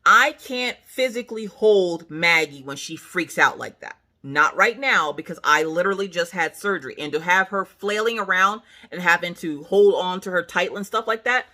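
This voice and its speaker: A woman hosting a casual vlog, telling a family story in an animated, emphatic way with sassy asides. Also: lowish voice, moderate pace. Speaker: channel host, mother.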